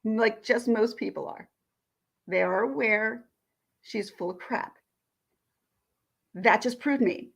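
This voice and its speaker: A woman's voice: on the high side, slow, vocal fry, pauses often, husky. A woman vlogger, indignantly retelling a phone call in a ranting commentary.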